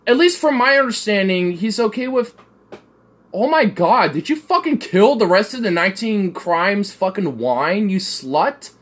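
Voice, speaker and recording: A tipsy man holding court on a casual stream. His pitch swings widely as he rambles and curses at full volume, tripping over his own sentences. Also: lively intonation, a little slow. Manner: loud, rambling, swearing, laughing a lot. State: drunk. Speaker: livestream co-host. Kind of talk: casual drunken chat.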